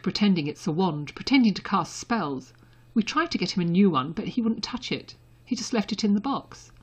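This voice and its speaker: A woman's voice: on the low side, slightly rough. A woman reading the part of a proud young man, speaking harshly and bitterly in clipped phrases. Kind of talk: audiobook character reading.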